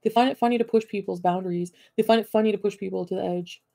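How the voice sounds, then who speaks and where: A woman's voice: medium pitch, fairly even intonation, fast talker, vocal fry, mellow, no room sound. A woman streaming from home, ranting at her chat in a profane, combative and sarcastic way. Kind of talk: livestream rant at chat.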